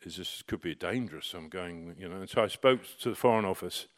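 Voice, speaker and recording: This middle-aged man tells his story with a slightly low voice. He talks casually, breaking off and restarting, and rises into lively bursts at the exciting moments. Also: fairly quick. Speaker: storyteller recounting personal experience.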